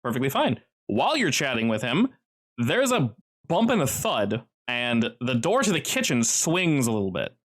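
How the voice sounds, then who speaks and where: A man narrates a tabletop role-playing session as game master. He explains the rules patiently and laughs often. His pitch swings widely. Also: very animated, normal speed, fairly bright tone.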